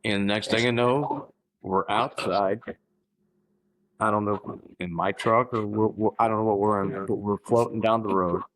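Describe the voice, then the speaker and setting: Low-voiced man telling a personal story. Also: steady tone, low-quality recording. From Missouri, United States. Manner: halting, with restarts and throat-clearing. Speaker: podcast guest.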